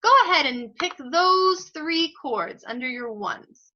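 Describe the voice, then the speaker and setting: Music teacher, woman, bright lively high voice, encouraging, lo-fi sound. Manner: encouraging, praises students by name; slow, step-by-step instructions. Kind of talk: online group music lesson. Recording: dull lo-fi audio.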